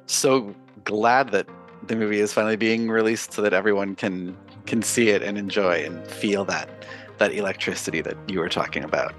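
A man's voice: fairly low pitch, steady tone, normal speed, faint music behind. A middle-aged man hosting a podcast interview, asking long questions filled with "um" and "you know". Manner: rambling questions with many fillers.

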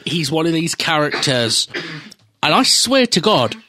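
A man's voice: fairly high pitch, sing-song, a little slow, pushed and bright, slight background noise. A man co-hosting a podcast, chatting candidly and swearing casually about an anime. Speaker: podcast co-host. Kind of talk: casual review chat.

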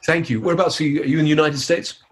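A man's voice: fairly high pitch, fairly even intonation, very fast. A man, a hypnotist, leading a live teaching demonstration in an upbeat, playful way. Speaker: hypnotist giving a seminar.

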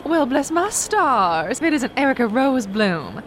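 A woman playing a gloating older Southern mother who hides her digs behind drawn-out fake sweetness. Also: sits high, big pitch swings, soft background music. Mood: sugary gloating. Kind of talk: comedic audio drama acting.

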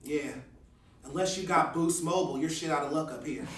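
An actor playing a crude, boastful male park ranger who talks loudly and excitably. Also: fairly high pitch, a little fast, background noise, close to an everyday voice. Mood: brash. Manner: loud, brash and excitable. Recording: roomy, distant-mic recording.

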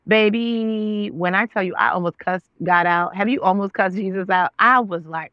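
Animated woman telling a story, dry dull sound. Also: moderate pace, few pauses, no room sound. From Nigerian family. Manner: expressive, acts out her own past words with big pitch jumps. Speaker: guest, actress and author.

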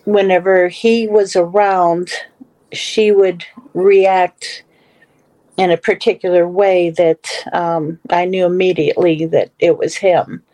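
Slow, halting woman with a low voice. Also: level tone, warm tone, low-quality recording. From Western Pennsylvania / Ohio area. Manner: slow, halting, many fillers and restarts. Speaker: guest. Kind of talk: casual storytelling on a call-in talk show.

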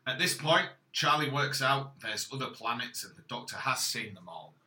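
A man's voice: medium pitch, expressive, normal speed, pushed and bright. A man co-hosting a podcast, casually recapping a story with dry, matter-of-fact asides. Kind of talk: casual chat. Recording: echoey room.

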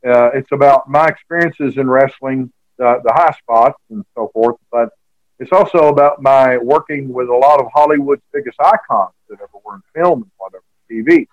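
A man's voice: medium pitch, moderate pace, no room sound, lo-fi sound. A man, an author being interviewed, telling a long rambling story with many fillers and restarts. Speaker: author and guest.

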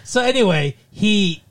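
A man chatting casually on a podcast, his pitch swinging up and down as he retells a scene. He laughs often and jumps into loud, silly voices for the characters. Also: husky. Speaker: podcast co-host. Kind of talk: casual chat recapping a TV show.

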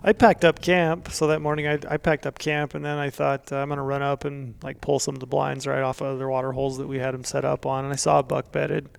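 A man on a hunting podcast, talking in halting, self-deprecating casual chat. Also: mid-range voice, level tone, gravelly, clean tone, dry recording.

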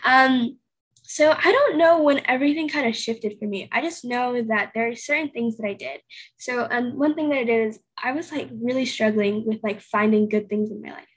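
A young woman of eighteen, a podcast guest, talks in a loose, chatty way, full of "like" and "you know". Her voice sits fairly high and has a soft, breathy edge. She keeps slipping into quoting her own past thoughts. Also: normal speed. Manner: chatty, filler-heavy storytelling with acted-out inner quotes. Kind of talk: casual interview conversation.

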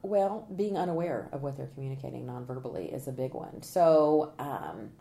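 Rumbling low with vocal fry, a woman speaks at a moderate pace. As a trial consultant and presentation coach on a podcast, she's animated and energetic, laughing and acting out what jurors say.

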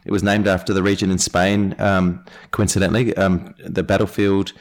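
A man's voice: sits low, little pitch movement, moderate pace. An Australian man, a winemaker guest, talking casually with many ums and restarts. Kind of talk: casual interview.

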